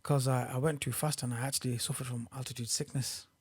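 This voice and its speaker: A man's voice: medium pitch, fast, husky. A young man from Oldham, a podcast guest telling stories in casual chat and acting out what other people said. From Oldham, England. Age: young adult. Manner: animated storyteller who acts out other people's words.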